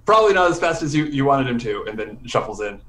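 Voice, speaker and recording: A man's voice: medium pitch, big pitch swings, fast, a bit bright. A man playing a tabletop role-play, hesitantly narrating his character's actions with many fillers. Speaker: player.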